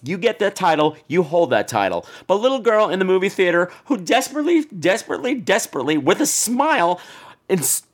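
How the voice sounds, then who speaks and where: Brief: male podcast host, chatty and profane storyteller, with a very lively pitch. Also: fairly quick. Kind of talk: casual monologue.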